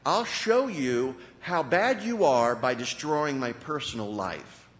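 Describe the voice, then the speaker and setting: A man preaching a sermon as pastor, in an animated way with sudden rises and drops in his voice. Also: mid-range voice, slow, big-room sound.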